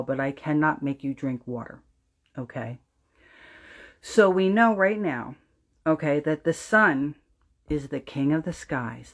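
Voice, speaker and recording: Emphatic preachy woman with a Jersey accent. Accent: New Jersey. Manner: emphatic, preachy, swears freely; drops to an intent low voice for emphasis. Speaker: astrology livestream host. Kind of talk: livestream spiritual talk to viewers.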